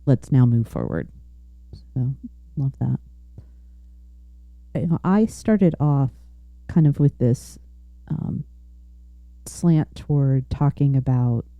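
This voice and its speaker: A woman's voice: a bass voice, dark tone, dry recording, dull audio. A woman hosting a podcast interview, affirming and thoughtful as she talks with her guest. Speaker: podcast host. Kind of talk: conversational interview.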